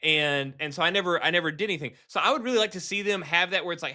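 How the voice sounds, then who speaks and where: A man co-hosting a casual gaming podcast, talking in an animated, rambling way with many restarts. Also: a little high, rapid-fire, few pauses. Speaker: podcast co-host.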